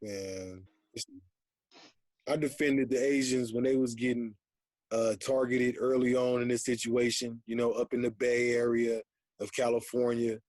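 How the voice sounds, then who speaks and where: A man's voice: medium pitch, level tone, normal speed, a little mellow, no echo. Laid-back man, dry close sound. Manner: laid-back, street slang. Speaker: radio co-host. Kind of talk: casual radio banter. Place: radio studio.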